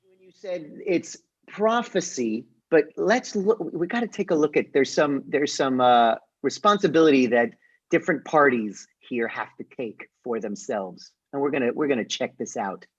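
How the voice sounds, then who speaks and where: A young man, a rabbi, teaching a casual online class and retelling a story in a joking, lively way. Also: medium pitch, moderate pace, slightly rough, lo-fi sound. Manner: lively, jokey retelling with voiced characters. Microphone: video call.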